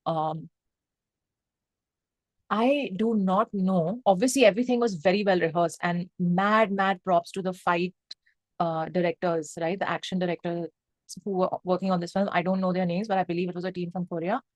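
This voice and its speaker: A woman's voice: on the low side, normal speed, no room sound. Emphatic woman. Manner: emphatic, excitable, mixes Hindi phrases into English; swears freely, lots of fillers like 'um' and 'like'. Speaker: film reviewer. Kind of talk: casual spoken film review.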